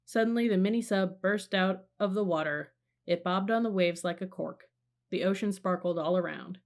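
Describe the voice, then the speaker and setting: A woman reading a children's storybook aloud in a calm, measured narration. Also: on the low side. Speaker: audiobook reader.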